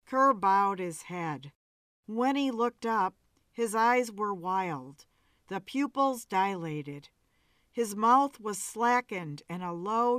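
A woman narrating a story in a measured, dramatic reading. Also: mid-range voice, fairly bright tone, dry recording.

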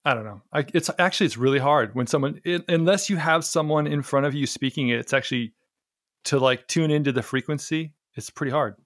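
A man's voice: fairly high pitch, fairly quick, a bit bright, no room sound, studio quality. A man hosting a podcast, talking casually, swearing freely and poking fun at himself. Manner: chatty, swears freely, self-mocking. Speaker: podcast host. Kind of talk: casual chat.

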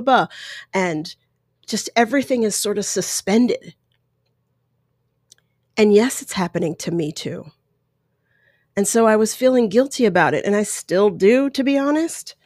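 A woman in her thirties speaks close to the microphone, telling a personal story candidly, with emotion and many restarts. Her voice sits at an ordinary middle pitch. The sound is dry and close, with no room echo. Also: darkish tone. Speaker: podcast host.

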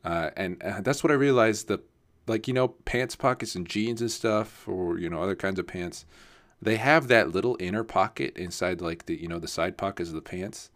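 A man's voice: deep voice, moderate pace, fairly bright tone. A young man telling a casual story, rambling and swearing with lots of fillers and restarts.

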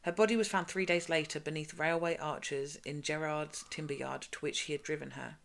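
A woman hosting a podcast, reading crime case notes in a brisk, matter-of-fact way between casual chat. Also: deep voice, steady tone, creaky. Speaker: podcast host.

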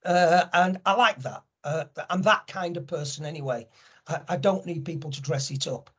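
A man's voice: on the high side, moderate pace, a bit bright, breathy edge. A middle-aged man talking candidly as a podcast guest, telling stories with lots of restarts. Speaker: podcast guest, angel network founder. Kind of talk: conversational storytelling.

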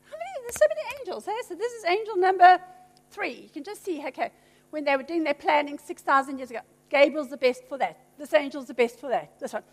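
A woman's voice: high voice, lively intonation, quick pace. A woman preaching a sermon, emphatic and teasing with playful asides. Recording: long hall reverb.

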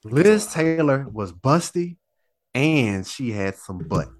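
A man co-hosting a podcast in casual chat, animated and profane, stammering and restarting as he talks. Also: medium pitch, slow pace. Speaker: podcast co-host.

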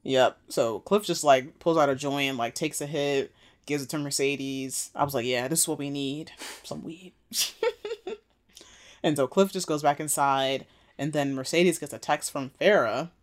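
A woman's voice: deep voice, lively intonation, unhurried. A woman co-hosting a casual podcast, recapping a TV episode in laid-back slang and laughing often. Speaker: podcast co-host.

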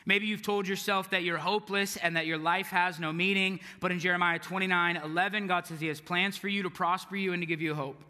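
A young male pastor with a high, very bright voice delivers a casual, story-driven sermon. He drops to a hush and then pushes hard on key lines, and his voice rings with long reverb through a church hall. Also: steady tone, a little fast, few pauses. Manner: casual, storytelling, swings from hushed to emphatic.

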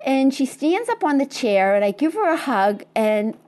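Lively woman. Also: high-pitched, normal speed. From Quincy, Massachusetts. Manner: acts out dialogue, laughs often. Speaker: interview guest, marathon runner. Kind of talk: animated storytelling.

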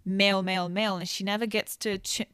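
A woman from Italy, chatting as a guest nutritionist in an animated, expressive way. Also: medium pitch, fast, clean tone, no room sound, clean studio sound. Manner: animated, expressive, laughs readily. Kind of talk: casual podcast chat.

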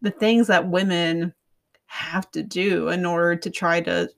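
A woman co-hosting a podcast in casual chat, summarizing in a relaxed, wry way. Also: fairly low pitch, measured pace, gravelly, slight background noise. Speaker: podcast co-host.

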